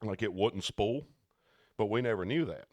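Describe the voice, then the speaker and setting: Man spinning animated podcast stories. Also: on the low side, normal speed, no echo, highs cut off. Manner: animated storyteller who acts out quoted people. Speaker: podcast co-host. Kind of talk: casual storytelling chat.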